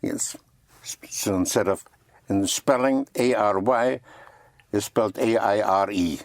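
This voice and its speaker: Slow, patient male French teacher. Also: on the low side, no echo. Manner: patient, repeats words and spells them letter by letter. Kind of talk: language lesson.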